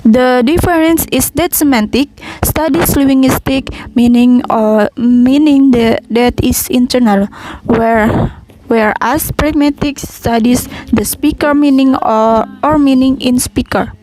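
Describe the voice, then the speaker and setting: A young Indonesian woman, a student, reading a class presentation in English with an Indonesian accent, halting and restarting words. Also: high voice, darkish tone, a little hiss or hum, poor audio. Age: young adult.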